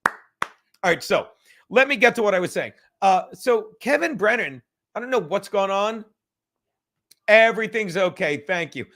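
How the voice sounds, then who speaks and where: A man's voice: high voice, animated, moderate pace, pauses often, fairly bright tone. A man in his fifties hosting a casual livestream from home, rambling and swearing, laughing often and sometimes dropping to a whisper. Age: 50s. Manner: rambling, profane, laughing, drinking while talking; drops to a whisper at times. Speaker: livestream host.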